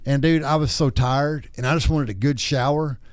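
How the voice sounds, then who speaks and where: A man's voice: medium pitch, steady tone, normal speed, smooth, no room sound, studio quality. A man in his thirties or forties, hosting a podcast with a crude, joking, rambling way of telling stories. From Texas. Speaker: podcast host. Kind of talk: casual chat.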